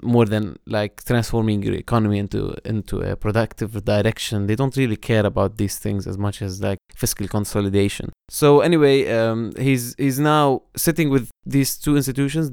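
A man's voice: on the low side, steady tone, moderate pace, vocal fry, hardly any pauses, a little mellow, clean tone, no room sound, clean studio sound. A man from Lebanon co-hosting a podcast, explaining economic news critically with many restarts. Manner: explanatory, critical, with frequent restarts and "you know". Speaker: podcast co-host. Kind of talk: casual political-economy discussion.

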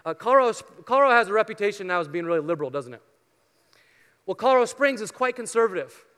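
A male pastor preaching a sermon, telling a story earnestly and then leading a soft prayer. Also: high-pitched, lively intonation, very fast, clear, resonant tone. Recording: long hall reverb.

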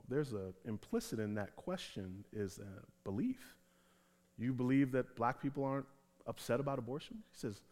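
A man preaching a sermon as pastor, animated, acting out the voices of the people in the text. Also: medium pitch, normal speed, big-room sound.

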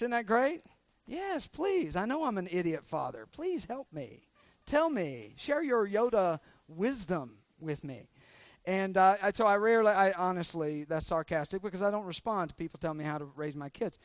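High-voiced middle-aged male pastor, joking. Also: a bit bright, clear, resonant tone, dry recording, clean studio sound. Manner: joking and sarcastic, quizzing the congregation. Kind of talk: sermon.

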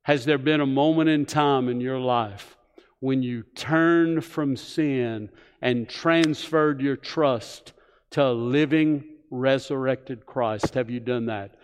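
A male pastor delivering a sermon at an unhurried, deliberate pace. His voice sits in a middle register and carries earnest pauses. The sound rings with the long reverb of a large hall. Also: mid-range voice, clear, resonant tone. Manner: slow, earnest preaching with pauses.

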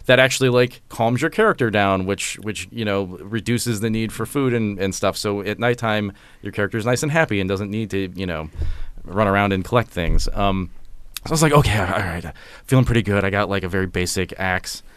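A man hosting a podcast who tells a gaming story in a casual, animated way, with lots of swearing and filler words. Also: fairly low pitch, brisk, smooth, no room sound. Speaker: podcast host.

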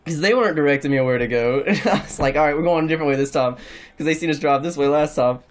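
A man's voice: a little high, fast talker. A young man telling a long story in casual chat, rambling, laughing and swearing a lot.

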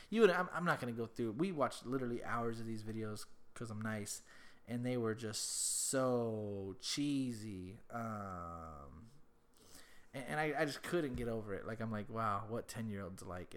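A man's voice: fairly low pitch, animated, a little slow. A young man hosting a casual chat, rambling through a story with lots of swearing and repeated words.

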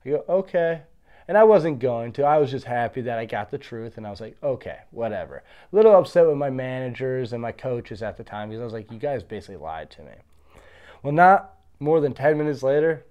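Speaking a little fast in a mid-range voice, a professional fighter from Pennsylvania swaps casual tales from his fighting career. He animatedly mimics the voices of people in his stories as he recounts their words.

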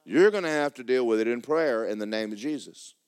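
A man preaching a sermon as pastor in a church, emphatic and repetitive, breaking into fervent shouted prayer. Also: mid-range voice, expressive, fairly quick, smooth.

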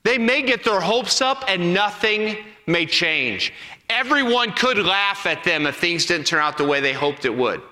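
A man preaching a sermon as pastor, telling a Bible story with acted-out voices and dropping to hushed appeals. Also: sits high, a little slow. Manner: animated storytelling, acting out voices, then hushed and intimate. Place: church sanctuary. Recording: long reverb of a hall.

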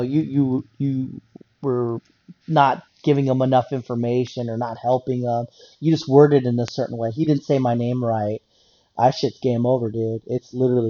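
Man, gravelly low voice, mellow tone, blunt rambling rant, dull lo-fi sound. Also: no echo. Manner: rambling, blunt, swears, repeats himself. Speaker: medical office worker. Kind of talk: casual monologue rant.

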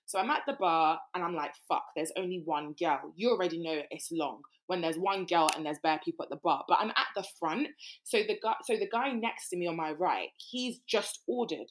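A woman, co-hosting a podcast and telling a story in casual chat, animated and full of swearing. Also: lowish voice, brisk. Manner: animated, swearing, mimics people. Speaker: podcast co-host.

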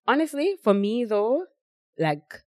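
A woman's voice: fairly high pitch, big pitch swings, slow, mellow, dry recording, clean studio sound. A young woman with a Jamaican accent chatting casually on a podcast, rambling with lots of fillers and quoting what others say. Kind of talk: casual chat.

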